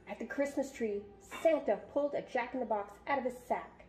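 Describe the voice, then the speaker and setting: A woman reading a children's picture book aloud as a storyteller, in a gentle, expressive manner. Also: on the high side, fairly quick, hardly any pauses, faint music behind.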